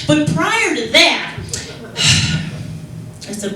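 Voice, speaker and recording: Young female stand-up from Chicago, halting rambling delivery, echoey room recording with faint noise. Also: fairly high pitch, animated, fairly bright tone. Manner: rambling, halting, with repeated restarts. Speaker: stand-up comedian. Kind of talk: stand-up comedy set. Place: club stage with audience. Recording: echoey room, mic heard from far off.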